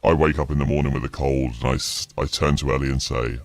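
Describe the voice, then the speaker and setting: A man's voice: steady tone, fast talker, background noise. A man chatting playfully and joking while he talks through a voice changer. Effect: deepening voice changer. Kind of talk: casual chat.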